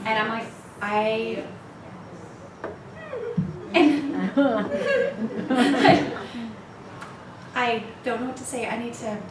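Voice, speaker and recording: A woman's voice: a little high, very slow, long pauses. Candid fifty-something woman in an echoey room. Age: 50s. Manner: candid, laughing often, self-deprecating. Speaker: retreat speaker. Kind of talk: candid talk to a women's retreat. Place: retreat meeting room. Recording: echoey room, far mic, noisy.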